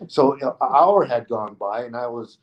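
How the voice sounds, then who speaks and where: A middle-aged man, a stuntman being interviewed, telling a story in a casual, animated way and acting out the other people's lines. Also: medium pitch, normal speed, muffled recording.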